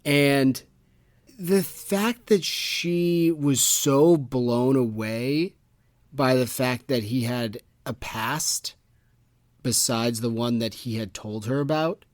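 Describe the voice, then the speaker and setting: A man's voice: medium pitch, slow, no echo. Male co-host, casual chat, exasperated ranting delivery, dry booth sound. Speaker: podcast co-host.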